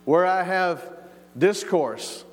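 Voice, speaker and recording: A man's voice: high-pitched, takes it slowly. A man preaching a sermon as pastor, emphatic, repeating his words and acting out the quoted lines. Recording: long reverb of a large hall.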